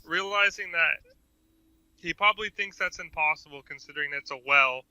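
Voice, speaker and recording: Crisp, bright male tabletop player. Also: on the high side, normal speed, no echo, rough recording. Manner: describes his character's actions in third person.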